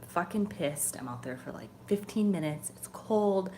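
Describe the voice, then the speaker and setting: A woman's voice: on the low side, animated, normal speed, a little mellow, a little hiss or hum. A young woman on her channel, telling a story in a casual, chatty way, swearing freely and sometimes dropping to a whisper. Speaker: channel host. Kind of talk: casual chat.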